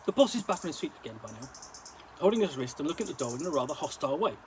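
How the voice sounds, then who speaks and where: Brief: male reader with a high-pitched, very lively delivery, telling a slangy tale, with faint noise behind. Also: racing, poor audio. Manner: lively storytelling, now and then stumbling over words. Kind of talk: story reading in a present-tense gangster-slang voice.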